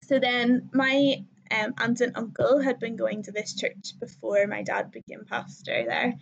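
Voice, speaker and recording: On the high side, level and gravelly, this young woman's voice is unhurried. Guesting on a podcast, she shares her story casually and conversationally, laughing a lot and peppering it with ums and likes; the sound is slightly muffled and lo-fi.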